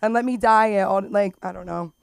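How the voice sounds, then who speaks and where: A young woman from Los Angeles with a Valley girl accent, doing open mic stand-up in a rambling, filler-heavy way that jumps into loud squeals. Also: medium pitch, fairly quick, vocal fry, clean tone, dry recording, studio quality. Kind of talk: stand-up comedy. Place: comedy club.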